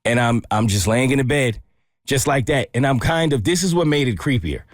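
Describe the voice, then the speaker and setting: A young man, a radio show co-host, telling a story in a relaxed, chatty way. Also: mid-range voice, fairly quick, no room sound, clean studio sound. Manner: relaxed, conversational, with frequent restarts. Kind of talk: casual storytelling on a morning show.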